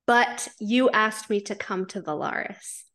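A woman reading aloud the lines of a gentle, devoted young man from a fanfiction story, in soft, earnest dialogue. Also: mid-range voice, animated, unhurried. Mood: longing.

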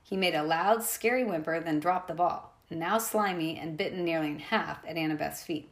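A woman reads a novel aloud in a plain, unpolished way and sometimes stumbles and restarts a word. Her voice is fairly low with a gravelly creak running through it. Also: normal speed. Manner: plain reading with small slips and restarts. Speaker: reader.

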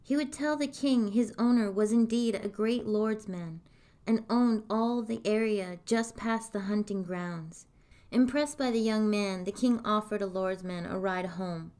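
A woman reading a fairy tale aloud in a calm, even storytelling manner. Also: medium pitch, unhurried.

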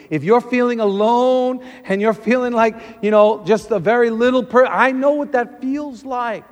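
High-voiced preacher man in a hall. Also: moderate pace, hardly any pauses. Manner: animated, acting out quoted voices. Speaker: pastor. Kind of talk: sermon.

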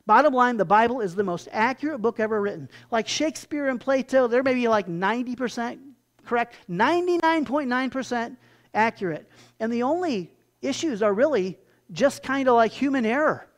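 Animated preacher giving a sermon. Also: medium pitch, fairly quick. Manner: animated storytelling, emphatic. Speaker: pastor.

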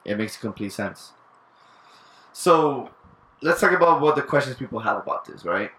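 A man hosting a casual podcast, leading the topic in a relaxed way and swearing now and then. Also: medium pitch, normal speed, echoey room. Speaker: podcast host. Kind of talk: casual chat.

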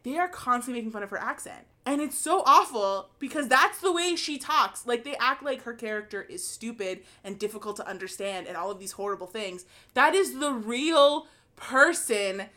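A woman's voice: on the high side, expressive, normal speed, hardly any pauses, pushed and bright. A young woman co-hosting a podcast, giving blunt, opinionated takes in casual chat and swearing freely. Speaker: podcast co-host.

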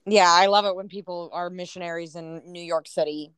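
A young woman co-hosting a podcast in casual chat, blunt and quick to disagree. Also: fairly low pitch, steady tone, fairly bright tone, smooth, no echo, studio quality. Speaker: podcast co-host.

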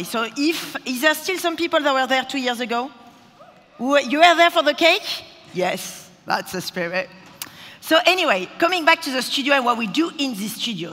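Bright-voiced woman on stage. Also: a little high. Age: 30s. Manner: playful, chatty, teasing the audience. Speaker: conference speaker. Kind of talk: live stage talk. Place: conference stage in a large hall. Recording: hall reverb from a large venue.

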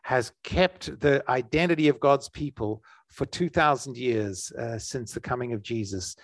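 A man's voice: mid-range voice, a little slow, no echo. A man preaching a conversational sermon in an earnest way, often restarting his sentences. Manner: earnest, with frequent restarts and fillers.

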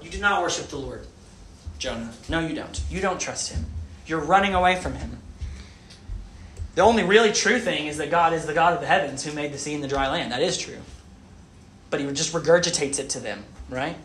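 Man preacher, high and bright voice, animated delivery full of questions to the crowd, echoey hall. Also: normal speed, a little hiss or hum. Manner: animated, asks the audience questions. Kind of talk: sermon. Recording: echoey room.

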